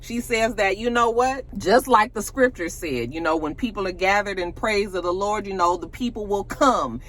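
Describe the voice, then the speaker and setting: A woman with a medium-pitched voice, speaking at normal speed, casually recaps a reality show episode. She tells it with animation, acting out quotes, cursing, and laughing.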